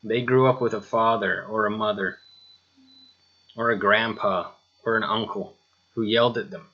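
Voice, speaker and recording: Bright-voiced man giving a plain-spoken lesson. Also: lowish voice, steady tone, moderate pace, dull audio. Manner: plain-spoken, addresses listener directly, rhetorical questions; mildly sarcastic asides. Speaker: teacher. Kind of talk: spoken lesson over slides.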